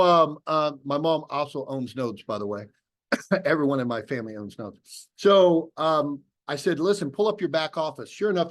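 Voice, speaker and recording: A middle-aged man speaks in a fairly high voice, telling his story in an animated way. He acts out both sides of old phone calls as he goes. He is talking over a video call from home.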